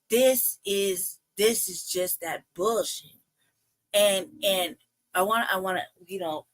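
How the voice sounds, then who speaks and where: With a mid-range voice, a woman hosting a stream rants angrily and profanely, circling the same points and attempting to cool off between bursts of anger.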